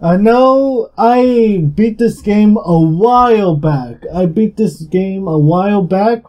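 A young man giving casual, rambling gameplay commentary, swearing freely and talking louder and more energetic than usual. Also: high-pitched, slow pace, muffled recording. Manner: rambling and heavily profane. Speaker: gaming YouTuber.

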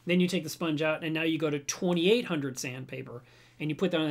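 A man hosting a home livestream about reef aquariums, chatting casually to his webcam and telling stories in an animated way. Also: fairly high pitch, fairly quick. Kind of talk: casual livestream chat, reading viewer comments.

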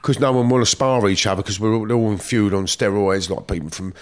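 Speaking fast in a lowish voice, this middle-aged Londoner shares old stories as a guest, full of blunt street slang and free swearing in a casual storytelling style.

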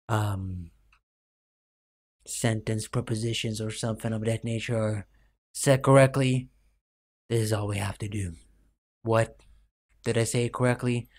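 A young man giving rambling, self-mocking commentary over a game late at night, full of fillers, his voice cracking now and then. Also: mid-range voice. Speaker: gaming YouTuber.

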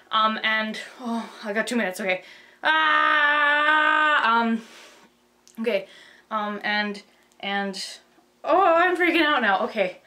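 A young woman rushing through a casual plot summary, rambling with lots of fillers and self-corrections, bubbly and flustered. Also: fairly high pitch, bright, forceful tone. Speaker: video host.

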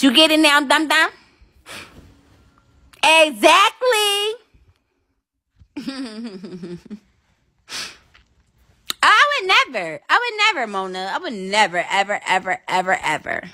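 Brash high-voiced woman livestreamer. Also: sharp tone. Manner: brash, profane trash talk. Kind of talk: casual livestream chat with viewers.

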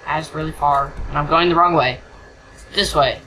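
Goofy let's-play commentator, bright voice. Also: mid-range voice, normal speed, slight background noise, poor audio. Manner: goofy, sings nonsense and jokes at the game. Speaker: gameplay commentator.

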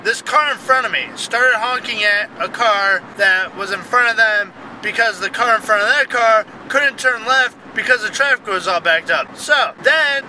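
A man's voice: extremely high pitch, sharp tone, slight background noise, poor audio. A young man vlogging casually while driving to work, playful and goofy. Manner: playful, sing-song and goofy. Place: in a car.

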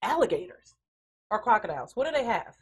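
A woman hosting a casual chat podcast, telling a story in an animated way with frequent laughs. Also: medium pitch, brisk, slightly rough, poor audio. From Texas. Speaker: podcast host.

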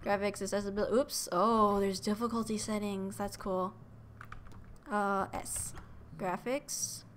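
A woman streamer giving excited, gushing let's-play commentary with cutesy baby talk, game music faint behind her. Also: medium pitch, measured pace, slight background noise.

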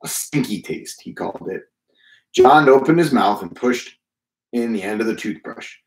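A man reading a children's book aloud in a calm, measured way. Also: mid-range voice, echoey room, rough recording. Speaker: reader.

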